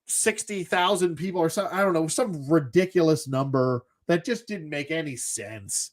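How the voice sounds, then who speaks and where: A man ranting casually as a show host, sarcastic and exasperated, swearing as he goes. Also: on the high side.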